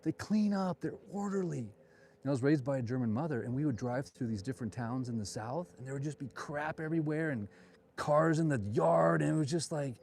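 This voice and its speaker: A man's voice: mid-range voice, expressive, fairly quick, vocal fry, a little mellow, a little hiss or hum. A man, a realtor, chatting and joking in opinionated asides while walking outdoors through town streets on a live vlog tour, filmed on a handheld phone.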